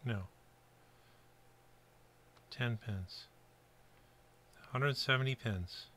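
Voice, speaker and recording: Middle-aged guy from upstate New York, bright voice, talks his way through a kit build and wanders off into asides. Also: mid-range voice, a little slow, long pauses. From Buffalo, New York area, US. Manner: chatty, rambling asides with fillers. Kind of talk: casual workbench narration.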